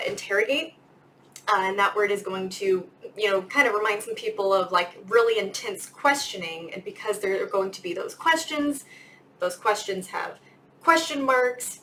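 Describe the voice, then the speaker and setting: A woman's voice: medium pitch, a bit bright, slight background noise, poor audio. A young woman giving a casual grammar lesson as a teacher, chatty and full of fillers. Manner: chatty, lots of "like" and "um". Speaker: English teacher.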